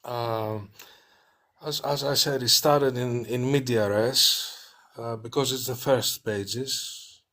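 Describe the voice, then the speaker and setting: A man's voice: medium pitch, steady tone, takes it slowly, bright, forceful tone. A man, the author guest, talking about his writing in a hesitant way, full of fillers. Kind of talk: interview talk.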